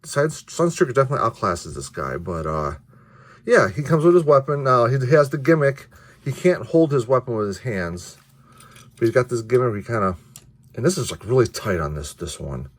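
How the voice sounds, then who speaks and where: A man's voice: medium pitch, big pitch swings, fairly quick. A man casually reviewing action figures, rambling with many restarts and the odd curse. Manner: offhand, mildly profane. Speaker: toy reviewer.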